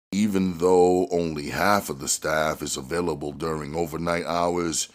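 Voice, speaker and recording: A man narrating an action novel aloud in a measured way that climbs on dramatic moments. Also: low-pitched. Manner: measured, rising on action beats. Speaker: audiobook reader.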